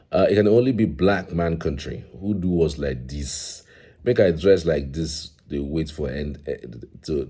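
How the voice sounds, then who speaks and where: A man with a very deep, husky voice, talking casually as a commentator. He reads viewers' comments aloud, laughs along with them and adds his own remarks. His tone is dark and mellow throughout. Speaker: commentator reading social media reactions.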